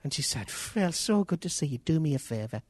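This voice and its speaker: Man, sermon storytelling, high pitch, dry close sound. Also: a little fast, breathy edge, dry recording. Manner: animated, acts out quoted voices, repeats phrases. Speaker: preacher.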